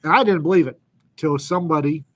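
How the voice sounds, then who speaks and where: A man co-hosting a casual live chat, making announcements with lots of pauses and ums, and joking about himself. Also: fairly high pitch. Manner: halting, many ums, self-deprecating. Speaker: co-host, anthology editor.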